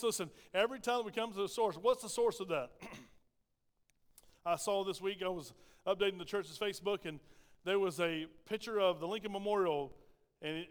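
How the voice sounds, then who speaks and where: Folksy pastor preaching, high voice. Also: male voice, clean tone. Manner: folksy, conversational preaching with asides. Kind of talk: sermon. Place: church sanctuary. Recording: long hall reverb.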